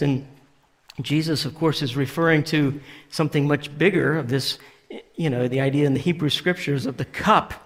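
Gravelly man preaching in a reverberant hall. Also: mid-range voice. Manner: conversational preaching, paraphrasing scripture with fillers and restarts. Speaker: pastor. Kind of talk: sermon. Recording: long reverb of a large hall.

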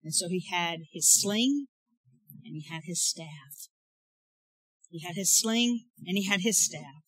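A woman pastor preaching a sermon, rising to loud exclaims and dropping to quiet asides. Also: lowish voice, expressive, takes it slowly, husky, rough recording.

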